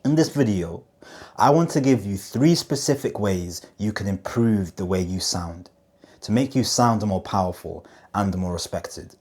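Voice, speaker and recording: A man's voice: fairly low pitch, expressive, a little mellow. A man coaching viewers on how they come across, speaking directly to camera with emphatic pacing and rhetorical questions. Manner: emphatic, slows down on key phrases; demonstrative, asks rhetorical questions. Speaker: communication coach.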